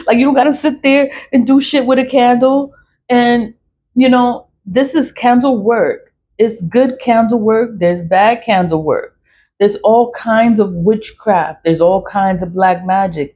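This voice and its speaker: A woman's voice: medium pitch, darkish tone, a little hiss or hum. A woman talking casually about spiritual matters, blunt and profane, laughing often and repeating her points. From New York. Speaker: spiritual talker. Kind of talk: casual monologue.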